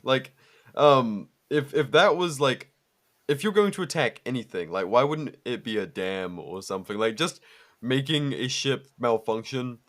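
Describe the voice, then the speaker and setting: A man's voice: mid-range voice, animated, measured pace, fairly bright tone. Laid-back swearing man chatting. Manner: laid-back, swears a lot, frequent fillers and laughs. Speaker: podcast co-host. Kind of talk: casual chat.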